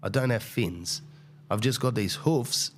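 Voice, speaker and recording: A man's voice: mid-range voice, animated, moderate pace, darkish tone, a little hiss or hum, natural voice. A man voicing a frightened male donkey that panics on a rickety bridge, in a plain complaining voice. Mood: panicky.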